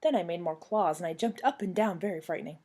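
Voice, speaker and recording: A young woman reading a children's book aloud at home on her couch, telling the story to a former student with lively expression. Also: fairly low pitch, fast talker.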